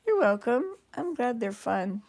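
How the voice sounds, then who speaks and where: Gravelly older woman chatting live. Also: on the high side, very animated, a little slow, a little mellow. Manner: rambling, chatty, with frequent restarts. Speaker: vlogger host. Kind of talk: live-stream chat reading viewer comments.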